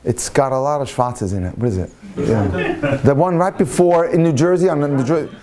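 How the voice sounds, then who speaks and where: A man, a rabbi, telling a story in a sermon, animated and swinging into excited quoted voices. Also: medium pitch, moderate pace, crowd noise. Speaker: rabbi lecturer.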